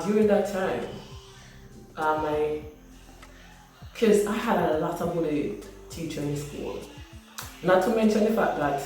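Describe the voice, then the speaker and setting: A woman's voice: low-pitched, far from the mic. A Jamaican woman in her thirties speaks straight to her viewers, earnest and emotional as she recounts her childhood. Her voice rings around a hard, very echoey room and sits a little back from the microphone. Faint music plays underneath. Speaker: vlogger. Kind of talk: personal storytelling to camera. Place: small hot library room at home, indoors.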